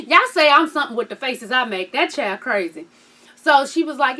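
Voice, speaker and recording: Sassy lady recapping reality tv, high-pitched, laughs a lot. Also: animated, normal speed, bright, forceful tone. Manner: sassy, slangy, laughs often, acts out quotes. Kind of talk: casual TV recap chat.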